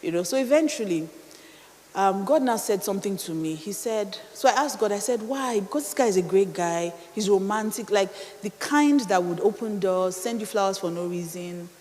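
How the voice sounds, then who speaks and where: A woman's voice: mid-range voice, expressive, moderate pace, a little mellow. A middle-aged woman with a Nigerian accent, telling a personal story in a dramatic sermon style full of rhetorical questions. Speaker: speaker. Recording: reverberant hall.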